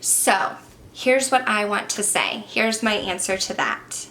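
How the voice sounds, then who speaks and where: A woman's voice: medium pitch, expressive, slow pace, sharp tone, a little hiss or hum. A young adult woman chatting through a makeup Q&A, telling stories with lots of fillers. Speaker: beauty vlogger and former teacher. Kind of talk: chatty get-ready-with-me Q&A.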